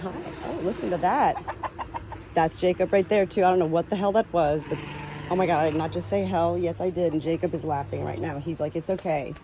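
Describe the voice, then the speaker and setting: A woman's voice: fairly low pitch, brisk, background noise. A woman vlogging on her farm, talking earnestly to the camera and to her animals as she walks. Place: outdoors on a farm, then indoors with animals.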